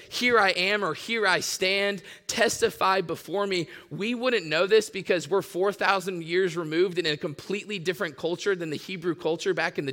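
Man, pastor, earnest sermon, bright tone, reverberant hall. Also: a little high. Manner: earnest teaching, reads scripture aloud.

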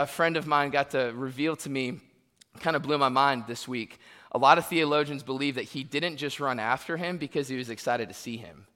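A man preaching a sermon, telling funny personal stories and acting out the quotes with lively energy. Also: on the high side. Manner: animated, humorous storytelling with acted-out quotes. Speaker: pastor. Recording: long hall reverb.

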